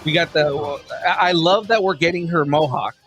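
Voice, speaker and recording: A man co-hosting a casual pop-culture podcast, enthusiastic but halting, with frequent fillers and restarts. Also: on the high side, fairly bright tone. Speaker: podcast co-host.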